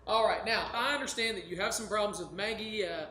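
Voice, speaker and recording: A man's voice: high-pitched, brisk, pushed and bright, a little hiss or hum. A man playing an emphatic, hammy daytime talk-show therapist on a live stage. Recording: live stage with room echo.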